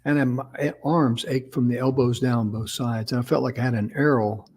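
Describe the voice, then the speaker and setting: An easygoing man co-hosting a relaxed talk show. He tells his stories in a folksy, meandering way, backing up and restarting mid-sentence. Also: mid-range voice, normal speed. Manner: folksy, rambling storyteller with restarts. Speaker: co-host. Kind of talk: casual talk show chat.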